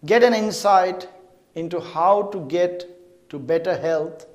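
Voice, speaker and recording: A middle-aged male therapist explains chanting in an unhurried, measured voice. He sits slightly high in pitch and lets each phrase land before moving on. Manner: measured, deliberate, demonstrates by chanting. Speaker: therapist teaching mantra chanting. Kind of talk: slow explanatory teaching.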